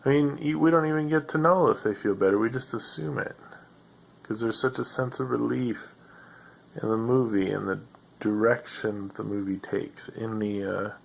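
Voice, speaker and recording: A man's voice: medium pitch, steady tone, normal speed, vocal fry, rough recording. A man hosting a solo podcast, rambling in a sardonic, self-deprecating way with lots of fillers, sounding tired. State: tired, yawning. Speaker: podcast host.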